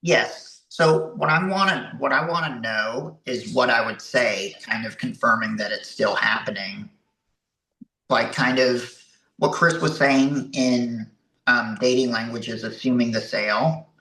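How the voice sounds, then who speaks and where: A man's voice: mid-range voice, a little slow, sharp tone, echoey room, low-quality recording. A young man being coached on dating, hesitant and agreeable, giving short answers. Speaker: coaching client. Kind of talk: casual chat.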